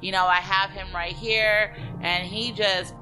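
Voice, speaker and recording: A woman's voice: mid-range voice, fairly even intonation, measured pace, over music, low-quality recording. A woman chatting casually as she recaps a film, full of fillers and quoting the characters. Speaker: podcast co-host recapping a film. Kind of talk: casual chat.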